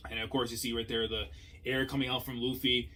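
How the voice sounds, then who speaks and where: A young man talks through a manga chapter in casual slang. He drops to low mutters, then breaks into loud, excited outbursts. His voice sits at an ordinary middle pitch for a man. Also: fairly quick, a little hiss or hum. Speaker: manga reaction host. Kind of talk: casual reaction commentary.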